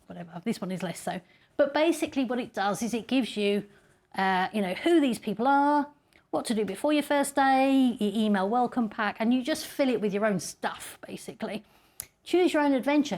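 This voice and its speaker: A woman's voice: medium pitch, a little mellow. A middle-aged woman giving a chatty, self-deprecating conference talk and laughing often. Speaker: conference speaker.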